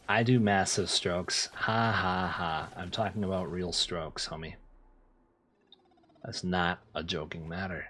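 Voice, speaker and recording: A man's voice: sits low, steady tone, unhurried, bright, forceful tone, slight background noise. A young man casually chatting with his chat while streaming a game, laid-back and talkative. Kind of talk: casual gameplay commentary.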